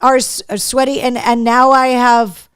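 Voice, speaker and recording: Animated woman host reading comments. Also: fairly high pitch, unhurried, clear, resonant tone, no echo, clean studio sound. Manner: animated, profane storytelling. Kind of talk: live show chat reading viewer comments.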